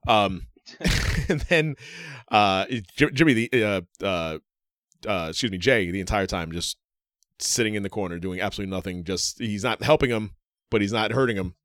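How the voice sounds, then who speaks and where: A man with a lowish voice talks through a wrestling show in loose, excitable chat, stumbling over restarts as he goes. The sound is dry and close to the mic. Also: moderate pace, dry recording. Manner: excitable, rambling, laughing often, many restarts. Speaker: podcast co-host. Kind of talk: casual wrestling recap chat.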